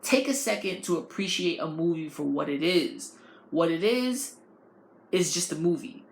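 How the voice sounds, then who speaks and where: A woman's voice: lowish voice, moderate pace, vocal fry, a little hiss or hum. Profane, rambling woman podcaster. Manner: animated, profane, rambling delivery. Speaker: podcast host. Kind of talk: casual podcast rant. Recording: roomy, with faint ambience.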